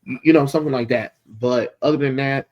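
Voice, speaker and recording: A man's voice: medium pitch, a little fast, a little mellow, muffled recording. A man casually retelling a comic book's plot and reviewing it, quoting the characters loosely with lots of fillers.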